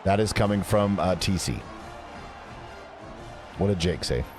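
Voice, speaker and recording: A man streaming a sports video game, talking to his chat in an unhurried, easygoing way. His pitch swings up and down a lot as he jokes around and reads messages aloud. Faint music plays underneath. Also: animated. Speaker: gaming streamer. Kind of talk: casual live-stream chat while gaming.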